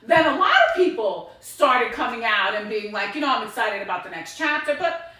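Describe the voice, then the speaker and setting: Animated high-voiced woman in an echoey room. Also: moderate pace. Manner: animated, swearing, acts out quotes. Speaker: podcast co-host. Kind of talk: casual chat, storytelling. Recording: echoey room, distant mic.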